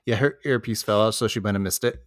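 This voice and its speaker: A man's voice: on the low side, fast. A man co-hosting a podcast, casually chatting and dropping short jokey quips and asides. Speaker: podcast co-host. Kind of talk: casual chat.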